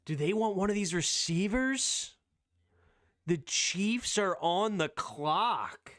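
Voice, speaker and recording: Excitable man reacting to sports news. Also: high voice. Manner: excitable, quick opinionated reactions. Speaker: streamer host. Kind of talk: casual live sports reaction chat.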